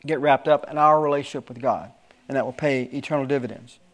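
A middle-aged man preaching a sermon with emphatic rises and sudden soft asides. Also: medium pitch, steady tone, fast talker.

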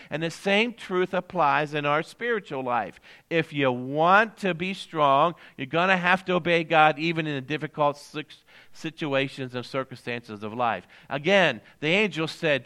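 An older man delivers a sermon in a bright, ringing voice that sits a little high. He talks with the congregation more than at them. He circles back to his main phrases and pauses for answers. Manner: conversational preaching that repeats key phrases and questions the congregation. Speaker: pastor.

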